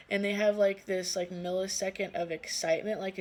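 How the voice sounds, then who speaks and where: A woman's voice: medium pitch, level tone, fairly quick, hardly any pauses, a little mellow. A woman giving a casual tarot reading who laughs often and swears freely. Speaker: tarot card reader.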